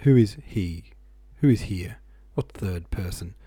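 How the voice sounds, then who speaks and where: A man's voice: fairly low pitch, normal speed, creaky, darkish tone, dry recording. A man reading a tormented young man who speaks in an urgent, shaken way, as part of a storybook audiobook. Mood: agitated.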